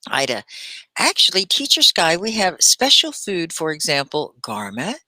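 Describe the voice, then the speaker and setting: A woman teaching a live online English class, speaking with careful, clear diction and warm encouragement as she reads out her students' comments. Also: lowish voice, wildly swooping pitch, moderate pace, no echo. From Texas. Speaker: ESL teacher. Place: at home in central United States.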